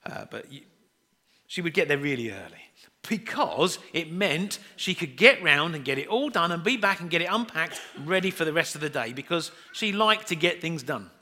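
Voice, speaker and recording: A middle-aged man delivering a sermon. His voice sits fairly high, bright and forward, and swoops up and down as he spins self-deprecating stories from family life. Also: very animated, normal speed. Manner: chatty, self-deprecating storytelling, acts out quoted voices. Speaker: preacher.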